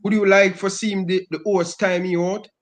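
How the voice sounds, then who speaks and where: A man's voice: high-pitched, flat delivery, normal speed. A man co-hosting a livestream, arguing insistently and repeating himself. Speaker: stream co-host. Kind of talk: heated livestream chat.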